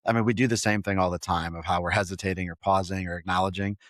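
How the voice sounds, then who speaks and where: A man's voice: low voice, fairly even intonation, fast talker, a bit bright, dry recording, studio quality. A man hosting a podcast interview, asking long, thoughtful questions with frequent restarts. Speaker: podcast host.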